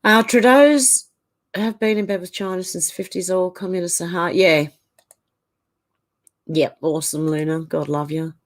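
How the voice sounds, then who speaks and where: A middle-aged woman hosts a livestream in a casual chat, reading out viewer comments and reacting to each one with quick opinions. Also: on the low side, fairly even intonation. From Australia. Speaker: livestream host.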